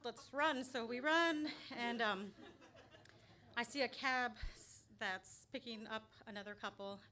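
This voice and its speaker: A woman from Albuquerque telling a true story on stage in a small restaurant, lively and laughing often. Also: on the high side, a little slow. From Albuquerque, New Mexico. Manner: lively, laughing often, loud acted outbursts. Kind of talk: live personal storytelling. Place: small restaurant venue, live audience. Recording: live room with faint background noise.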